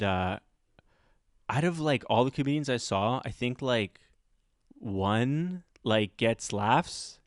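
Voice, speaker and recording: A man's voice: mid-range voice, no echo, studio quality. A man hosting a podcast, telling a story in casual chat and acting out the people in it. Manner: animated, acts out other people's voices. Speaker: podcast host.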